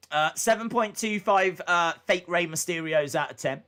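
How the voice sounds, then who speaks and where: A man hosting a live stream, giving casual reaction commentary and jumping into excited, high-pitched exclamations and rhetorical questions. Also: normal speed, clean tone.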